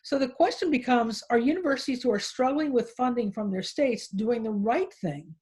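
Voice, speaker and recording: A woman hosting a podcast who reads out research findings and then puts questions to her guest, with a slightly husky voice. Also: on the high side, darkish tone. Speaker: podcast host. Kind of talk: podcast interview.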